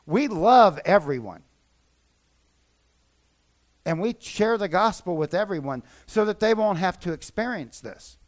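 A man's voice: high-pitched, expressive, moderate pace, few pauses. A man preaching a sermon as pastor, emphatic and repeating his key points.

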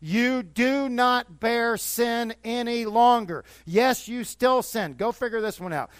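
Older male pastor, high-pitched, dry close recording; conversational sermon that builds to fervent exhortation. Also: takes it slowly, few pauses, clean tone, no echo. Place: church.

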